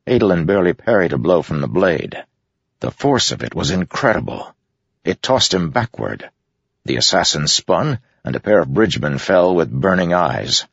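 A man reading a fantasy story aloud in a steady, dramatic way. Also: low voice, vocal fry, husky, no echo, lo-fi sound. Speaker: audiobook narrator. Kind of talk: scripted fantasy narration.

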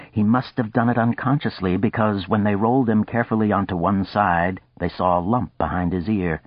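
Low, husky male audiobook narrator. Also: no room sound, muffled recording. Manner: steady, deliberate storytelling. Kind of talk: scripted narration of a novel.

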